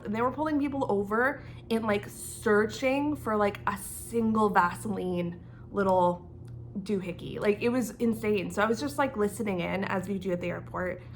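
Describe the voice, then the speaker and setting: A young woman from Canada telling an animated storytime as a knitting vlogger, laughing as she goes and acting out the dialogue. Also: medium pitch, moderate pace, slight background noise. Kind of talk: casual storytime.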